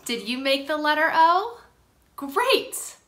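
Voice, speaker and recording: Bright, high-voiced woman therapist. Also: very animated, takes it slowly. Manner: upbeat and playful, chats with a hand puppet. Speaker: occupational therapist. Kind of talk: instructional talk to parents and teachers.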